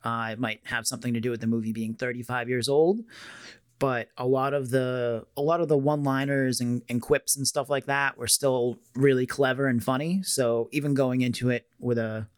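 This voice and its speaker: A man's voice: mid-range voice, steady tone, moderate pace, clear, resonant tone, dry recording, clean studio sound. A man co-hosting a casual movie review chat, speaking hesitantly, with frequent ums and restarts. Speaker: podcast co-host.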